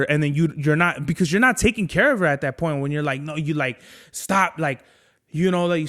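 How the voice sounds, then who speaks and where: A man's voice: a little high, fairly quick. A young man hosting a podcast, talking candidly and profanely in a rambling casual chat, heating up when he vents. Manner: gets heated and animated when venting. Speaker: podcast host.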